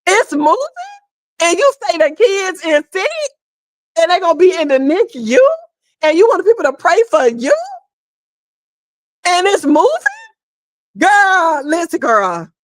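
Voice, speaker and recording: Woman, high voice, dry close sound, animated gossip host. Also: measured pace, long pauses, dry recording. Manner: sassy, animated, laughing, calls listener "girl" and "honey". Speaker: commentary host. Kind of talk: casual gossip commentary.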